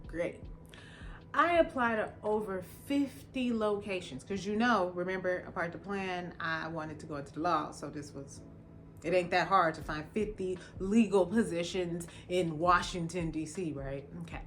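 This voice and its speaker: A woman who works as an attorney telling a personal story in a casual, animated way, with emphatic rhetorical questions. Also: lowish voice, normal speed, a little hiss or hum. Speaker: attorney and vlogger.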